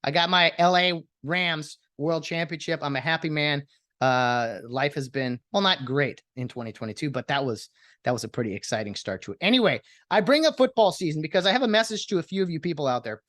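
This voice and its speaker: A man hosting a casual solo podcast, rambling and getting excitable as a sports fan. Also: fairly high pitch, brisk, dry recording, studio quality. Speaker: podcast host.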